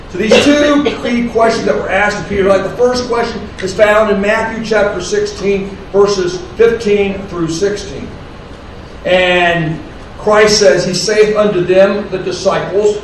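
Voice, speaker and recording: Guy preaching a sermon, high voice, takes his time, sounds far from the mic. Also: a little hiss or hum. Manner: slow, deliberate scripture reading and preaching. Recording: distant, very echoey room with faint ambience.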